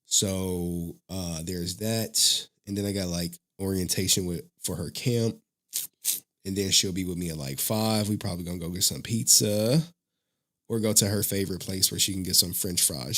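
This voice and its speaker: A man's voice: low-pitched, steady tone, moderate pace, a bit bright. A man hosting a casual live stream who talks to his chat in a loose, rambling way and laughs often. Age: adult father of a young child.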